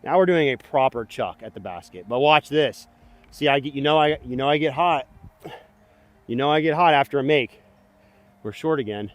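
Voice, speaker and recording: A man giving casual running commentary while playing disc golf outdoors, excitable and hard on himself, a bit out of breath. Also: mid-range voice, moderate pace, pauses often, dry recording. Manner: excitable, self-critical, talks to himself between throws.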